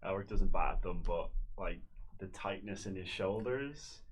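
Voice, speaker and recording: Low-voiced guy playing a wizard in a tabletop game, short measured replies, bit of hiss. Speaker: player.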